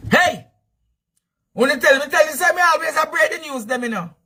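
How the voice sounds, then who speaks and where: A Jamaican man hosting news commentary, shouting and repeating phrases for emphasis in a fiery rant. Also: very high-pitched, fast talker.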